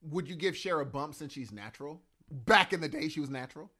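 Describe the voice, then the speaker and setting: A man co-hosting a podcast in casual chat, eager and excitable. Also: on the high side, fairly quick. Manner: enthusiastic, says dude a lot. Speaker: podcast co-host.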